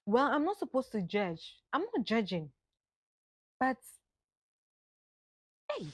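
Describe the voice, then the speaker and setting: A woman's voice: fairly high pitch, very animated, a little slow, pauses often, no echo, clean studio sound. Earnest woman giving heartfelt advice. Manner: earnest, exclaiming, mixes local words into English. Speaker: speaker giving a monologue. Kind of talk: impassioned advice monologue.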